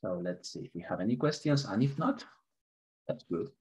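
A man's voice: on the low side, lively intonation, normal speed, darkish tone, husky, rough recording. A man from Spain, a native Spanish speaker with a Spanish accent, teaching an online English class, mixing both languages and chuckling now and then. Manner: switches between English and Spanish, chuckles often, light humor.

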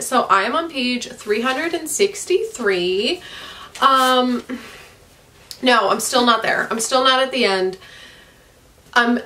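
A woman with a fairly high voice rants about a book from home, swearing freely and breaking into laughter. Her talk is exasperated and animated, a casual vlog rant. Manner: exasperated, profane, laughing ranting. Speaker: book reviewer. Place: at home, dog nearby.

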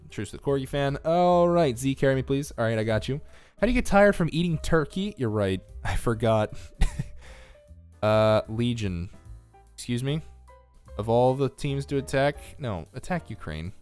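A man's voice: mid-range voice, animated, moderate pace, darkish tone, smooth, faint music behind. A tired man from the United States giving casual, joking live-stream commentary on a strategy game and reading chat aloud. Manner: chatty, reads chat aloud, joking asides.

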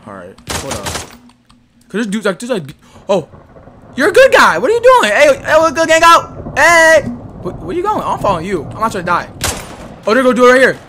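A man doing excitable, slangy gameplay commentary, muttering one moment and yelling the next. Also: very high voice, moderate pace, pauses often, a little hiss or hum. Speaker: gaming YouTuber. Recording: gunfire from the game behind.

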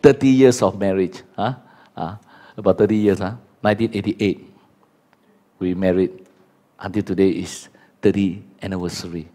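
A pastor in his fifties whose first language is Chinese, preaching a sermon in simple English and swinging between loud exclamations and low, quiet repetitions. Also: fairly even intonation, normal speed, long pauses.

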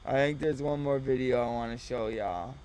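A man's voice: mid-range voice, moderate pace, a little mellow, poor audio. A man giving mocking reaction commentary, sarcastic and exasperated.

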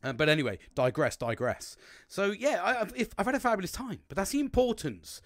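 A man's voice: a little fast, dry recording. A middle-aged man hosting a podcast, rambling and swearing in a casual monologue. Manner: rambling, swears a lot, animated swings in pitch. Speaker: podcast host.

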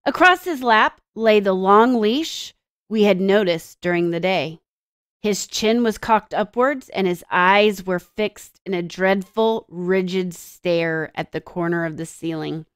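A woman teacher reading a story aloud to children and explaining it, with expressive storytelling and dramatic pauses. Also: mid-range voice, clear, resonant tone, no room sound, studio quality.

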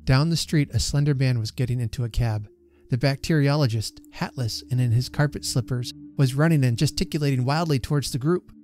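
Warm-voiced male storyteller. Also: mid-range voice, a little fast, soft background music. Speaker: reader and channel host. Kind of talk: storytelling reading.

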